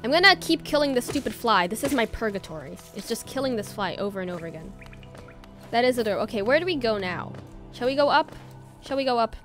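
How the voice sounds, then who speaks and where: A woman's voice: a little high, lively intonation, fast, fairly bright tone. A woman streaming a video game, chatting along and bursting into startled shrieks. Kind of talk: live gameplay commentary. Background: faint game music.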